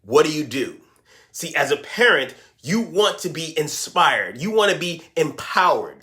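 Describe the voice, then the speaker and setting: A middle-aged man coaching parents straight to camera, energetic and emphatic, often putting questions to his viewers. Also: a little high, measured pace. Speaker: parenting and teen life coach. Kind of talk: direct-to-camera coaching talk.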